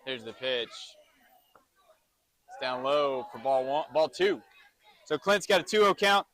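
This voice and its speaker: A man's voice: mid-range voice, expressive, measured pace, a bit bright. A middle-aged man, a dad doing amateur play-by-play commentary of his son's youth baseball game in a chatty, self-joking announcer manner.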